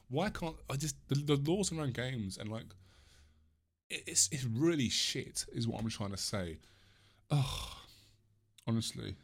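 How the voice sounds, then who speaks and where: A man's voice: medium pitch, lively intonation, a little slow, pauses often, breathy edge. A man in his mid-twenties ranting on his own, swearing often, restarting sentences and apologising for rambling. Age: mid-20s. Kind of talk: solo rant.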